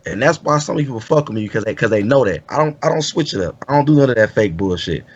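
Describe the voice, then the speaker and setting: A man's voice: mid-range voice, lively intonation, fast, husky, lo-fi sound. A man co-hosting a talk show, speaking in laid-back street slang and repeatedly saying "you know what I'm saying.". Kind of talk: casual talk show chat.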